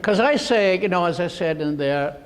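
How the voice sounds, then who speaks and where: A man's voice: high-pitched, lively intonation, moderate pace, a little hiss or hum. An older man giving a humorous public talk, telling rambling, jokey stories. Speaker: guest speaker.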